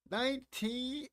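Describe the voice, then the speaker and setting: This fortysomething man's voice is very high and fairly bright. He runs a casual live stream where he chats about old films, teases his audience playfully, and reads comments from the chat out loud.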